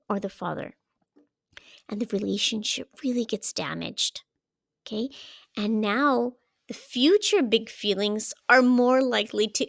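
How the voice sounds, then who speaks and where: A woman giving parenting advice as a coach, in a calm coaching delivery that keeps checking in with "okay?". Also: on the high side, gravelly, dry recording, clean studio sound. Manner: checks in often with "okay?" and "right?". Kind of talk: explaining parenting advice to camera.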